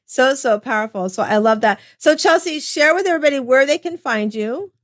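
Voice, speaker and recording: A woman's voice: high-pitched, animated, a little fast. A woman hosting a casual interview, encouraging and chatty. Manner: warm, encouraging, talks with like and you know. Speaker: podcast host.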